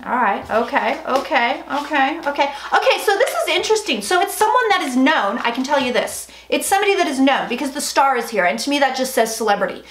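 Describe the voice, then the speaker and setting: A woman's voice: high-pitched, big pitch swings, fairly quick, hardly any pauses, a bit bright. A young woman hosting a casual tarot livestream, chatty and frank, swearing and reading viewer comments aloud. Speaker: psychic livestream host. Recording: echoey room, faint noise.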